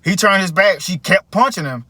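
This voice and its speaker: A man's voice: high-pitched, expressive, normal speed, bright, forceful tone, no echo. A man in casual chat, opinionated and lecturing as he retells scenes at length.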